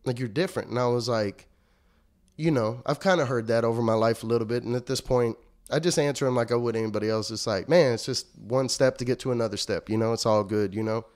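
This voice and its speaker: A young man talks through a personal story as an interview guest, casual and profane. He acts out both sides of old conversations with lively, animated delivery. His voice sits at a middle pitch.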